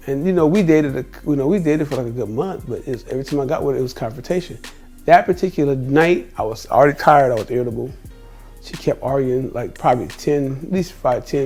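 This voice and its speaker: A man's voice: a little high, a little mellow. A man in his fifties, a travel vlogger, telling stories in a casual monologue, emphatic and repetitive, acting out the dialogue as he goes.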